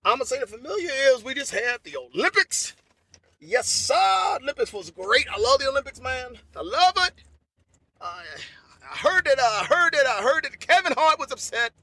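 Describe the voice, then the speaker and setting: Guy with a very high voice rambling through an unscripted comedy bit, repeats himself a lot. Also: sing-song, moderate pace, vocal fry, sharp tone, no room sound. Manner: rambling, repetitive slangy storytelling. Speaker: podcast host. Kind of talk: unedited comedic monologue.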